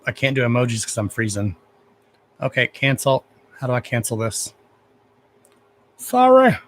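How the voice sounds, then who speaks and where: The voice is mid-range and slightly rough, belonging to a man hosting a casual livestream. He's blunt and profane with his viewers while also gushing over them affectionately.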